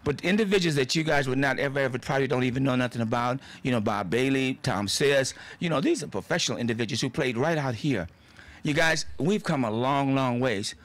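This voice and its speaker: A man's voice: medium pitch, lively intonation, brisk. An older man giving a joking, heartfelt, rambling speech at a field dedication. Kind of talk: informal outdoor speech. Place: outdoor sports field.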